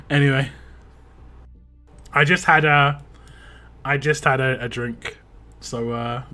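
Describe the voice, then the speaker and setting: A young man streams a game, chatting loosely and rambling between laughs, his voice a little rough from a drink. His tone is bright and forceful, pitched a touch high, with a casual, chatty flow. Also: steady tone, drawn-out words, pauses often, soft background music. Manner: rambling, chatty, laughs often, reads chat aloud. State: voice a bit rough after a drink. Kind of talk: casual live-stream chat.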